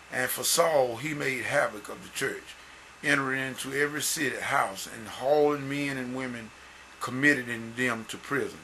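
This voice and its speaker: A man giving an informal sermon and reading scripture, earnest and folksy, growing louder and higher as he builds. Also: vocal fry, a little hiss or hum, rough recording. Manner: folksy, repeats words and restarts. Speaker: church musician and lay preacher.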